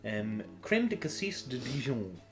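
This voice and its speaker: A young Scottish-accented man chatting on a cooking stream. His pitch sits mid-range and he rambles with plenty of fillers. Light music runs faintly underneath. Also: sing-song, unhurried. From Scotland. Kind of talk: casual chat.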